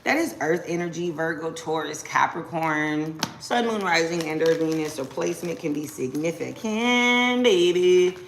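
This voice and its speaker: A young adult woman giving a casual live-stream tarot reading, slangy and quick to exclaim. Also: low-pitched, lively intonation, slight background noise. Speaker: tarot reader.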